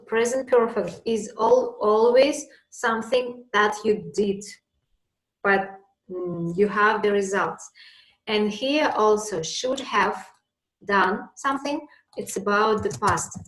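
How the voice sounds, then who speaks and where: A woman's voice: mid-range voice, reverberant, low-quality recording. A woman teaching an English lesson, patiently explaining with examples.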